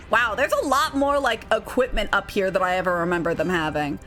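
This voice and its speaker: A woman's voice: medium pitch, fairly quick, a bit bright. A young woman streaming a game, chatting and giggling as she reads the characters' lines aloud, with game music faint behind her. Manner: bubbly, giggly, voices the characters. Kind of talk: live game stream commentary and reading dialogue aloud.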